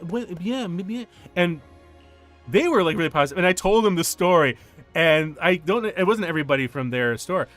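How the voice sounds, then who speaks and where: A middle-aged man from the United States chats casually on a stream, telling a story, laughing often and acting out quoted voices with animation. His voice is mid-range, with no room sound.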